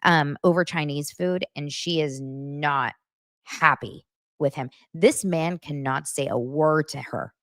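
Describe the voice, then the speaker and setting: A woman's voice: low-pitched, takes it slowly, fairly bright tone, no echo, studio quality. A woman hosting an entertainment podcast, giving a chatty, opinionated recap of reality TV.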